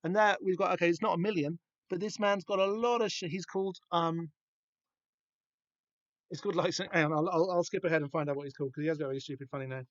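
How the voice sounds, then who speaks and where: Brief: male podcast host, casual rambling commentary, a touch high, dry muffled close mic. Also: fairly even intonation, fast, dry recording. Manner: rambling, wry, self-interrupting. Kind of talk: casual comic book commentary.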